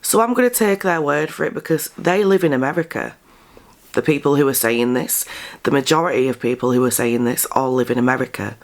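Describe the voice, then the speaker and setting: Blunt sarcastic English woman. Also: brisk. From England. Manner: blunt, sarcastic, emphatic with sudden high-pitched stresses. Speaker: commentary vlogger. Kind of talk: casual commentary monologue.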